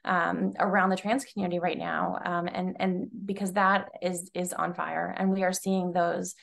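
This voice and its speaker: A woman's voice: fairly low pitch, flat delivery, moderate pace, gravelly. A woman in her forties, a nonprofit leader speaking as an interview guest, earnest and full of fillers and restarts. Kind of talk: conversational interview.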